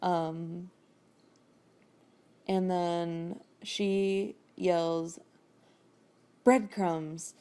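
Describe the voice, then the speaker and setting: Brief: chatty woman podcast host, rambling recap, low and mellow. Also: normal speed, creaky. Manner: chatty, rambling, with frequent fillers and laughs. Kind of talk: casual chat.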